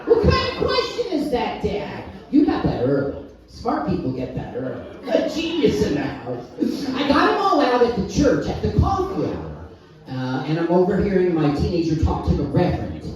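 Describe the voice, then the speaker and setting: A man's voice: sits high, huge pitch swings, moderate pace. A middle-aged man doing a stand-up comedy set, firing off one-liners and working the crowd in a live club. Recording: echoey room, mic heard from a distance.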